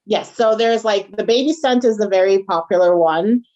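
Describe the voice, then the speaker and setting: A woman's voice: mid-range voice, moderate pace, darkish tone. A woman from a Caribbean background tells her story in a casual interview. She keeps checking in with "right?" and "you got it" as she goes. The recording is slightly dull and lo-fi. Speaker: guest, small food business owner.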